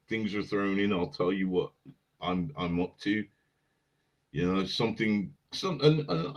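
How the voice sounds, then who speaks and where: A man co-hosting a live stream, chatting loosely and greeting viewers by name. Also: low-pitched. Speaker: podcast co-host. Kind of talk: casual live-stream chat.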